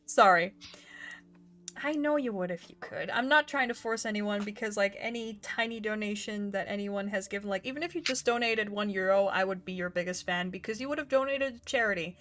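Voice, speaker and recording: A woman running a tabletop game on a live stream, who laughs often and rambles. Her pitch sits in the middle of the range. She talks in a loose, self-mocking way between bits of narration. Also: a bit bright. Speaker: dungeon master and stream host.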